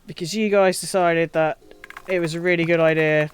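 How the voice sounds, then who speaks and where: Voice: medium pitch, fairly even intonation, moderate pace, a little hiss or hum. A streamer giving casual, crude, joking game commentary and laughing often, recorded on a desk mic. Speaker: live streamer. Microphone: desk mic, voice only.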